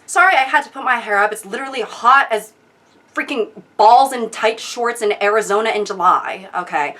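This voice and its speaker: A young adult woman hosting a comedic commentary video, sarcastic, animated and exasperated. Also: on the high side, normal speed. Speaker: video host.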